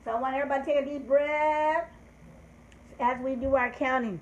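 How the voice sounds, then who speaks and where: A woman's voice: high-pitched, fairly even intonation, fairly quick. An older woman hosting a live children's lesson, speaking in a patient, sing-song teacher voice. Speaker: children's show host teaching calendar. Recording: echoey room with faint background noise.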